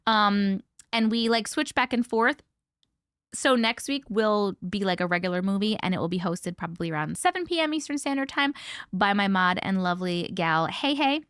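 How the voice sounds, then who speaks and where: A woman hosting a casual live stream. She chats to viewers in a bubbly, lively way, greets them by name, swears casually and laughs often. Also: mid-range voice, normal speed, clean tone, no echo, clean studio sound. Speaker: livestream host.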